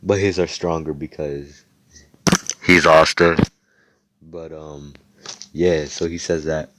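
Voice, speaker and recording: Casting: young man, deep voice, loose and slangy, making up a fan story on the spot. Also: fairly even intonation, slow, noisy background. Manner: rambling, slangy, swearing, many fillers. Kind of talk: improvised fan fiction storytelling.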